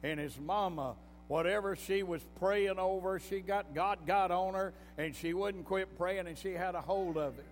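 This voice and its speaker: With soft music beneath him and a long reverb filling the hall, a preacher spins his sermon as a folksy tale. His fairly high voice moves at a moderate pace and climbs into bursts of emphasis.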